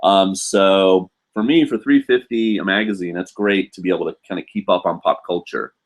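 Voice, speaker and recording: A man's voice: low voice, normal speed. A man hosting a casual live stream from home, chatting loosely with lots of fillers and restarts. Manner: rambling, many fillers and restarts.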